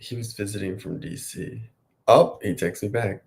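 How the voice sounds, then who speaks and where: A man in his late thirties chats to the camera in a loose, wandering way and cheers himself on as he goes. His voice sits a little low and has a gravelly, fry-heavy edge. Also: moderate pace, darkish tone. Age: late 30s. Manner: chatty, self-encouraging, wandering. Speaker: vlogger. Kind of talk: casual rambling self-talk.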